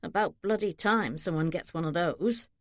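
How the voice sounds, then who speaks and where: A woman voicing a wry, sharp-tongued mother. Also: medium pitch, lively intonation, normal speed, no echo, lightly acted. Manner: dry, wry, muttering. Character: sharp-tongued middle-aged mother, scheming.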